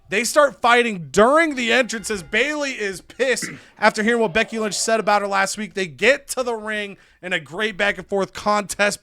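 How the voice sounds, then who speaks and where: A young man hosting, recapping a wrestling management game in fast, animated narration full of wrestling lingo. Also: sits high, clear, resonant tone, no echo, clean studio sound.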